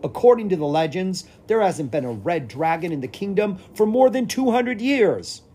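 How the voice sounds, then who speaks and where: A reader playing a commanding king from a children's fantasy tale, proclaiming with lively rises in pitch. The voice is mellow and slightly husky. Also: slow pace, full character voice. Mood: stern. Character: commanding royal king, father.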